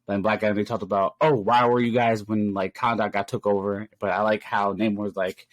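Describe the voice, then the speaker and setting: A man co-hosting a podcast, chatting casually and animatedly, with bursts of high-pitched exclamations and laughter. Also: level tone, fairly quick, few pauses, no room sound. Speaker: podcast co-host.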